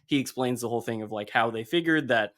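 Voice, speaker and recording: A man's voice: medium pitch, fast talker. A man on a podcast, casually retelling a comic issue scene by scene and briefly acting out the characters' lines. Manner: animated storytelling, acting out comic dialogue in passing. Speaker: podcast host.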